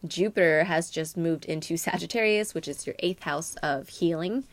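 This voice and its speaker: A young woman with a notably low voice talks through a monthly tarot reading. Her delivery is casual and meandering, full of fillers and self-corrections. The sound is dry, with no room echo. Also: normal speed. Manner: rambling, many fillers and "like". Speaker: tarot reader.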